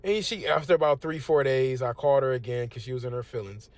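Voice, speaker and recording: A man's voice: mid-range voice, fast, dry recording. A young man from the United States giving a casual religious testimony, preachy and conversational. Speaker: testimonial speaker.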